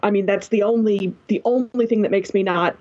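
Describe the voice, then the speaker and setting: A woman's voice: medium pitch, fairly quick, a little mellow, lo-fi sound. A woman guest on a TV recap podcast, talking emphatically and with exasperation about the characters. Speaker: guest commentator. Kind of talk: casual TV recap chat.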